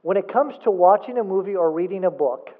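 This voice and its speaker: A man's voice: sits high, expressive, brisk. A man preaching a sermon as a pastor, emphatic, asking rhetorical questions and repeating points for emphasis. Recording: phone-like thin sound.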